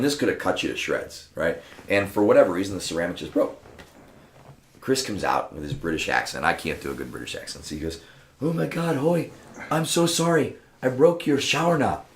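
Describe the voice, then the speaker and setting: A low-voiced man spins casual stories as a podcast guest, cursing freely and acting out the people in them. His voice rings around an echoey room. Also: a little fast, a little hiss or hum. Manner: profane, animated, acts out other people's lines. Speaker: podcast guest, martial arts school owner. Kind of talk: casual anecdotal storytelling. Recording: roomy echo.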